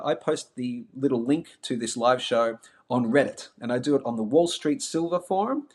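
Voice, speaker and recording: A middle-aged man with a mild Melbourne Australian accent and a medium-pitched voice hosts a casual live stream. He's chatty and self-mocking, speaking straight to his viewers.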